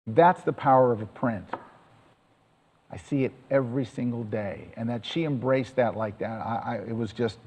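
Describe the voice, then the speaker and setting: A man's voice: mid-range voice, normal speed, a little mellow, in a large hall, low-quality recording. A man giving a chatty, enthusiastic storytelling talk to an audience as presenter.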